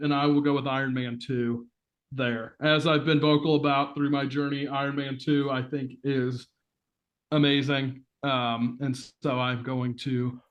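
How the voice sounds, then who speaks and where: A man co-hosting a casual chat, upbeat and quick to praise the others' choices. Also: medium pitch, muffled recording. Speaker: podcast co-host.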